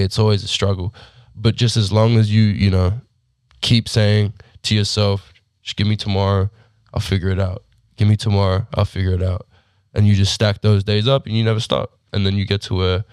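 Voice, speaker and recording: A young Australian man with a slightly Americanized accent talks through his story in an easy, rambling way, dropping fillers and laughing often. His voice sits a bit low and comes across smooth and clear. The sound is close and dry, with almost no room around it. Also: no echo. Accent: Australian, partly Americanized. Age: 20s. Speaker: guest athlete. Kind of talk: casual podcast interview.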